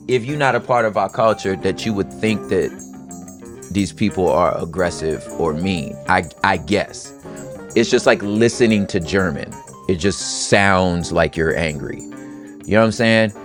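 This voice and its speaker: A man hosting a podcast, giving casual, expressive commentary in a conversational way. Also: on the low side. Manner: expressive and conversational, slips into playful quoted voices. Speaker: podcast host.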